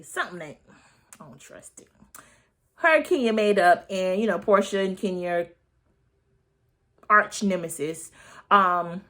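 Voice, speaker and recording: A woman in her thirties giving a casual, sassy recap of a reality show, chatty and full of slang and quick asides. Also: mid-range voice, a bit bright. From United States. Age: 30s.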